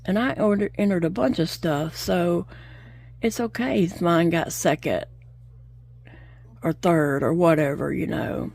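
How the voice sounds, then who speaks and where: A woman's voice: on the low side, unhurried, vocal fry, a little mellow. A middle-aged woman, chatting casually and telling stories, laughing often as she crochets at home. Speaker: crochet vlogger. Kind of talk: casual chat while crocheting.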